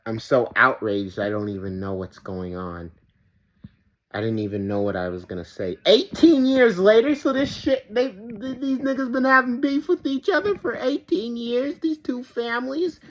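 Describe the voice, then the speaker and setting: A man's voice: very high voice, moderate pace, rough recording. A man hosting a reaction video who rants in a rambling, profane, exasperated way, full of "like". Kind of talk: ranting reaction commentary. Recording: steady background noise.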